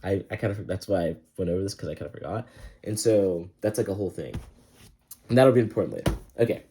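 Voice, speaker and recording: A young man casually retelling a novel's plot in a slangy, rambling way, often slipping into quick quoted voices for the characters. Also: deep voice, animated, mellow, slight background noise. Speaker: book reviewer. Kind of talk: casual book summary.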